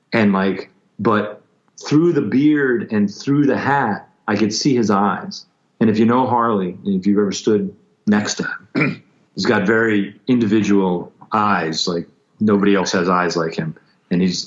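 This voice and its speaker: A man recounting a painful story as a podcast guest, intense and halting, with frequent restarts and acted-out quotes. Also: lowish voice. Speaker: guest musician. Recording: dull lo-fi sound.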